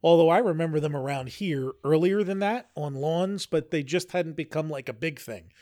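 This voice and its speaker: A man's voice: on the high side, normal speed, dark tone, no room sound, studio quality. A man co-hosting a podcast in casual chat, rambling with frequent restarts. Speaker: podcast co-host.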